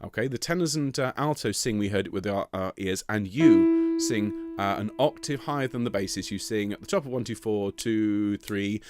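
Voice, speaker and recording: A choir director leading an online soprano rehearsal, giving encouraging instructions, counting in and singing short phrases to demonstrate. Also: male voice, normal speed, few pauses, over loud music. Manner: sings demonstration phrases in a high voice.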